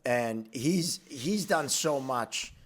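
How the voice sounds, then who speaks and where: A man's voice: mid-range voice, animated, drawn-out words. A man hosting a podcast, a comedian chatting casually with effusive, profane praise.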